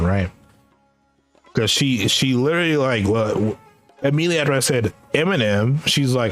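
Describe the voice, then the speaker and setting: Animated young man rambling a story. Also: medium pitch, moderate pace, faint music behind. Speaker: streamer. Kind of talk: casual chat while gaming.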